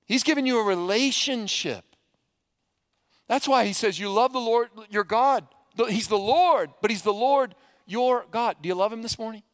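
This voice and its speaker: A man's voice: sits high, moderate pace, no room sound, studio quality. A male pastor preaching a sermon, telling stories with animation and putting questions to the congregation.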